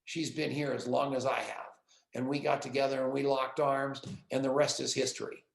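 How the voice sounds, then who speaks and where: A man's voice: mid-range voice, flat delivery, normal speed, creaky. Fervent rambling man in an echoey room. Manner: fervent, rambling, shouts out names. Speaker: network marketing leader. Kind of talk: motivational pep talk on a video call.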